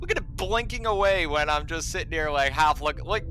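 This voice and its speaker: A man's voice: on the high side, animated, brisk, sharp tone, a little hiss or hum. A man streaming a game live, ranting sarcastically and swearing a lot.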